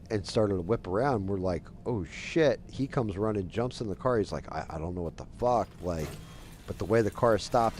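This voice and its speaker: A man's voice: lowish voice, a little mellow. A man in his forties, a game streamer, casually telling a long rambling story while he plays, with lots of filler words. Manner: rambling, loose, heavy with "like" fillers.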